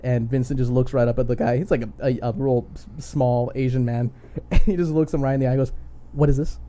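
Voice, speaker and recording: A man's voice: medium pitch, fairly even intonation, quick pace, dark tone. A young man co-hosting a podcast, telling rambling stories with frequent laughs. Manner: laughs often, rambling storyteller. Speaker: podcast co-host. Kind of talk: casual chat.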